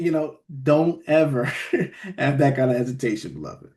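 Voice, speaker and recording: A man teaching a casual online Bible study, speaking in a loose, halting way and often checking in with his listeners. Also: mid-range voice, lively intonation, a little mellow. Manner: conversational, keeps checking in with listeners with "all right?" and "beloved"; loose, halting phrasing with restarts.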